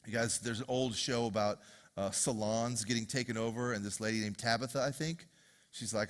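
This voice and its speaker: A man preaching a sermon as pastor to a congregation, swinging from loud, driving passages to hushed, repeated questions. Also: medium pitch, fairly quick. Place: church hall with congregation.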